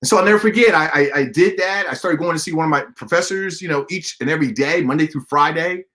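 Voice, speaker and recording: A man's voice: a little high, fast talker. A man giving a motivational talk, telling a story animatedly and speaking directly to his listeners. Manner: animated, acts out dialogue, addresses listeners directly. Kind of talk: motivational storytelling to an online audience.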